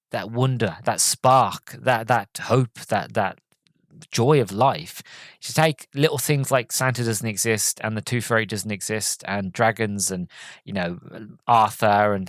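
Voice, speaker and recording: A man's voice: medium pitch, dry recording. A man hosting a podcast, reviewing a film in a casual, earnest and rambling way, stumbling over and repeating words as he gets sentimental. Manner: sentimental, openly moved.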